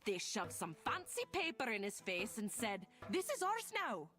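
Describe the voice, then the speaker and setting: A woman's voice: medium pitch, wildly swooping pitch, normal speed. An actress voicing a stubborn, wary old farm woman in game dialogue, blunt and grumbling. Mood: indignant. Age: older. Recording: game audio with loud music underneath.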